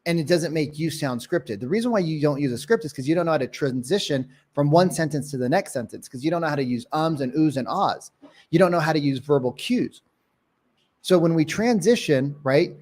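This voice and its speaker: Animated sales coach man, higher voice. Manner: energetic, demonstrates calls in mock voices. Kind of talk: live sales training Q&A.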